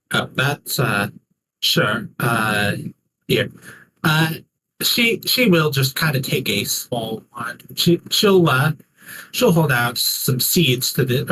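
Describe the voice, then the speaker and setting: Husky male player, stammering, hesitant. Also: medium pitch, fairly bright tone, rough recording. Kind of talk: tabletop game play.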